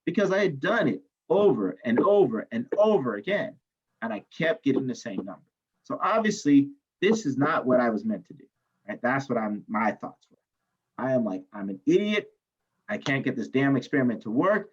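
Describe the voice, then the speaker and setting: A man teaching a chemistry class, telling a story from his student days with lively, animated energy and frequent checks of "right?" to the room. His voice sits at a middle pitch, and the recording is dull and a bit lo-fi, as if taken in a classroom. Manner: animated storyteller, asks "right?" often, swears. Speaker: chemistry instructor.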